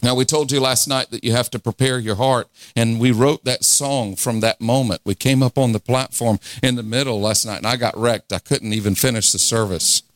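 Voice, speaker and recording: A man's voice: mid-range voice, steady tone, moderate pace, few pauses, no echo. A man in his forties preaching a fervent revival sermon, leading the crowd in call-and-response and laughing often. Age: 40s.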